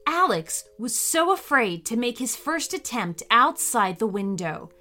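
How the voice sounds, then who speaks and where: Cheerful woman reading kids' stories. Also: medium pitch. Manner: cheerful, animated storytelling. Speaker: podcast host and storyteller. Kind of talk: children's story narration.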